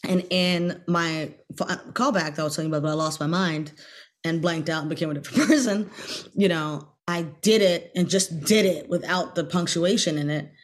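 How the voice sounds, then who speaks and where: A middle-aged woman with a voice on the low side speaks at a moderate pace. She's a guest actress on a podcast interview, telling a story in a lively way and bursting into loud, acted-out quotes.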